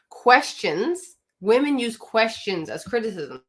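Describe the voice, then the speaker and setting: A woman's voice: mid-range voice, lively intonation, moderate pace, fairly bright tone. A woman marriage coach giving a live coaching talk, speaking directly and emphatically and often putting questions to her audience.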